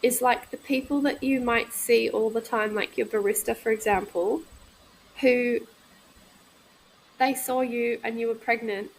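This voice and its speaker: A woman in her thirties talking candidly in a casual podcast conversation, reflective and halting, often restarting her sentences. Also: on the high side, fairly even intonation, slight background noise, poor audio. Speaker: guest, midwife.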